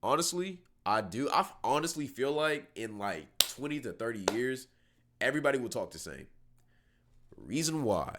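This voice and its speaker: Lively young man streaming casual reactions. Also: medium pitch, moderate pace. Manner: slangy, animated, chatting with viewers.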